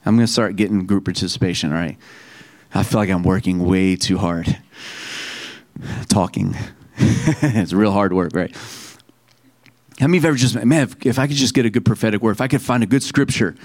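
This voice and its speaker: A man delivers a sermon, urging his congregation to repeat phrases back to him. He reads passages aloud slowly and with weight. His voice sits in a middle pitch and sounds dry and close to the mic. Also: darkish tone, no room sound. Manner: preaching with call-and-response to the congregation. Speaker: pastor.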